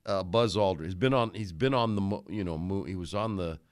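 A man's voice: deep voice, brisk, no echo. A man hosting a radio show, chatting casually and telling rambling, folksy stories in a studio. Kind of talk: casual on-air chat.

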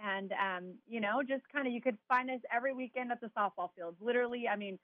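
A woman from Southern California, a former softball player, talking easygoing as an interview guest with lots of "you know" and "um". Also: fairly high pitch, fast talker, no room sound, phone-quality sound. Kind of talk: casual interview chat.

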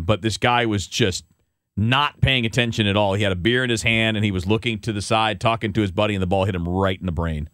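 A man co-hosting a casual sports talk show, talking in animated rants with many restarts. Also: fairly low pitch, dry recording, studio quality. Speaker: co-host.

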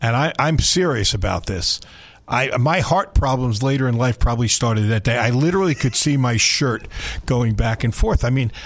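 A man in his sixties, a sports talk radio host, telling a story with lively energy and frequent laughter in a studio. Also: medium pitch, normal speed.

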